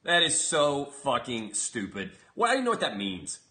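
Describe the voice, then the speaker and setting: A man's voice: medium pitch, huge pitch swings, normal speed, sharp tone. A man hosting a comedic commentary show, ranting in a brash, profane, mocking way. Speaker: show host.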